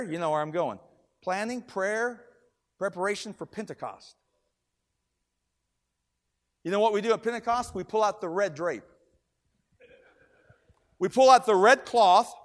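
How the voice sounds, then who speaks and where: A middle-aged man preaching a sermon as a pastor, telling a story with many repeated words and building to loud emphatic shouts. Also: high-pitched, unhurried, long pauses. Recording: long reverb of a large hall.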